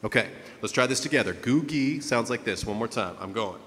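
A man's voice: on the low side, expressive, fairly quick, big-room sound, over loud music. A man working as a vocal coach, leading a singing lesson and checking in with his students as he goes. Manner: encouraging, coaching with frequent "okay?" checks.

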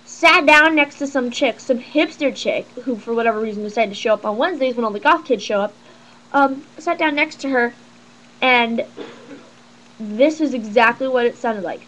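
A woman's voice: a little high, moderate pace, a bit bright, poor audio. A teenage girl ranting casually to camera in a sarcastic, exasperated, rambling way. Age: teens. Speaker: vlogger.

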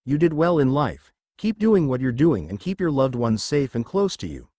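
A man voicing an ancient male god speaking softly and apologetically to his lost son, in a fan fiction story reading. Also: medium pitch, very animated, normal speed, dry recording. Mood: tender, remorseful. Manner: soft, tender and apologetic. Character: grieving ancient male god, gentle loving father.

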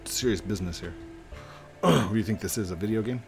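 A man hosting a gaming video, playing along with jokey, excitable commentary and sudden exclamations. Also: on the low side, a little fast, gravelly, soft background music. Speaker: gaming channel host.

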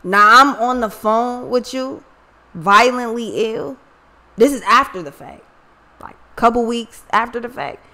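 A woman host telling a personal story to her viewers in a blunt, profane, animated way. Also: on the high side, unhurried. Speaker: tarot reader and channel host.

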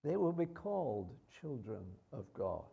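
A man's voice: mid-range voice, big pitch swings, unhurried, gravelly, slightly rough, dull audio. A man preaching a sermon in a conversational way, with rhetorical questions and hesitations.

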